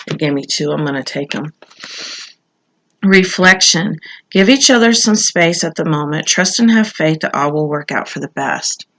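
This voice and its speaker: Bright-voiced woman giving heartfelt tarot reading. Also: low-pitched. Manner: earnest, reassuring, heartfelt; frequent "um" pauses, repeats phrases for emphasis. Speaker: tarot card reader. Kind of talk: casual spoken tarot reading.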